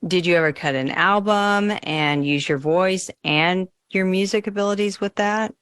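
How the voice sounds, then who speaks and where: A woman with a fairly low voice hosts a radio interview. She asks questions and affirms her guest with interest. Her sound is dry. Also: normal speed, fairly bright tone, smooth, no echo. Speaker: show host.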